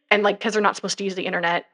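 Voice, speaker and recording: A young woman co-hosting a podcast, retelling a story in a casual, rambling way with lots of fillers and asides. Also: mid-range voice. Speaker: podcast co-host. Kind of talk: casual true-crime chat.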